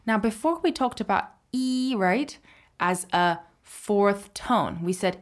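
A woman's voice: fairly high pitch, animated, measured pace. Give me a patient woman teaching on a podcast lesson, explaining step by step. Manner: patient, explanatory, ends points with "right?". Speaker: language teacher.

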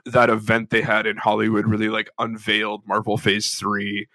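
A man's voice: fairly low pitch, monotone, normal speed, sharp tone, no room sound. A man co-hosting a casual podcast, rambling along with lots of fillers. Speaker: podcast co-host.

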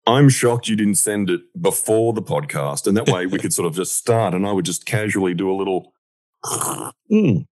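A man's voice: low voice, moderate pace, no echo. An Australian man, a podcast guest, chatting casually and telling jokey stories. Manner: jokey, animated storyteller. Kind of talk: casual chat.

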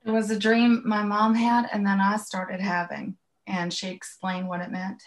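A woman's voice: medium pitch, little pitch movement, moderate pace. A woman in her late fifties with a Southern US accent, a podcast guest speaking candidly in a casual interview. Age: 50s.

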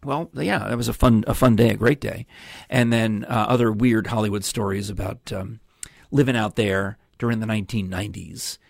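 Older guy rambling through stories on his live show, low gravelly voice, lots of ums. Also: fairly even intonation, moderate pace, no room sound, clean studio sound. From New York. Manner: chatty storyteller, many ums and asides. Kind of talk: rambling casual chat to viewers.

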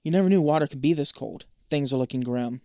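A man's voice: a little high, fast talker, a little mellow, dry recording, clean studio sound. A man reading a choose-your-own-adventure book aloud in a casual way, swearing offhand between passages. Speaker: gamebook reader.

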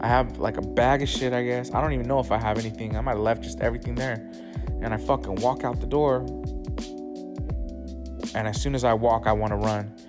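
A man's voice: mid-range voice, fairly even intonation, brisk. Profane man telling his story over music. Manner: loose and profane, with frequent "like" fillers and restarts. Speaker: storyteller recounting his own experience. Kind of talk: casual first-person storytelling. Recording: clear music playing under the voice.

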